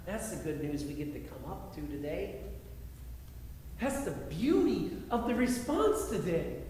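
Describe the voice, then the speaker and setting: A man pastor preaching a sermon in an earnest way, repeating phrases and shifting between loud appeals and quiet reflection, in a large church sanctuary. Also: fairly high pitch, sing-song, normal speed. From United States. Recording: echoey hall, faint background noise.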